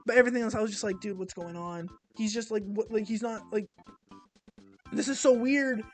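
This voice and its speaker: A young man talking casually as he ranks albums, rambling and self-deprecating, with many halting restarts. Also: high-pitched, steady tone, soft background music. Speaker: music reviewer. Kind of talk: casual album ranking monologue.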